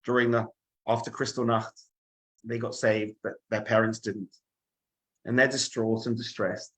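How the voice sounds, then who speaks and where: A male rabbi tells a story in sermon style, dramatic and animated. He acts out the scenes as he goes, building toward the big moments. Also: lowish voice, measured pace, poor audio.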